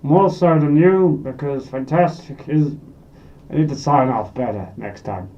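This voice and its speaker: A man voicing a silly, excitable male goblin, ranting to camera in a comedy character vlog with sudden loud outbursts. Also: on the high side, a little slow, far from the mic, natural voice. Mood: chatty. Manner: erratic comic rant with sudden loud outbursts. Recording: dull lo-fi sound a bit off mic.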